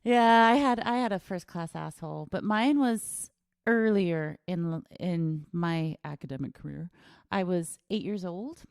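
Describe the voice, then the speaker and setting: A woman from the United States, chatting as a guest and telling lively stories about her school days. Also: fairly low pitch, unhurried, gravelly, clean tone, no echo, clean studio sound. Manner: lively storytelling, laughs often, reads viewer comments aloud. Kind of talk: casual chat.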